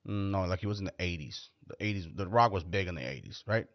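A man's voice: low-pitched, expressive, a little fast, no room sound. A man hosting his own show, talking in a casual, rambling monologue that is blunt, profane and joking. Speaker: podcast host. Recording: dull, dry lo-fi recording.

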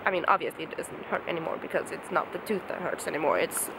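A woman's voice: low-pitched, lively intonation, fast talker, noisy background. A young woman in her twenties chatting enthusiastically to a handheld camera outdoors, laughing often. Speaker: student vlogger. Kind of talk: casual vlog chat. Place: outdoors in the countryside.

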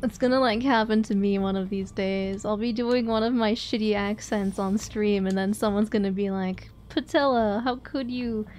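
A woman's voice: mid-range voice, steady tone, normal speed, hardly any pauses, darkish tone, slight background noise. A woman streamer chatting casually while playing, rambling through stories and laughing often. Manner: giggly, rambling storytelling with frequent laughs. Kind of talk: casual gameplay chat.

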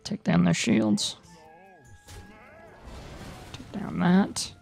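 A man's voice: high-pitched, steady tone, very slow, creaky, darkish tone, faint music behind. A man giving casual gameplay commentary as a let's player, muttering and talking to himself while he plays.

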